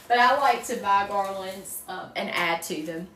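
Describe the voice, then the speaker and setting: A woman's voice: mid-range voice, pushed and bright, roomy sound, distant mic, slight background noise, rough recording. A woman from North Carolina with a strong Southern accent, chatting folksily with her live-stream viewers, answering questions and calling them y'all. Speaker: wreath maker hosting a live stream.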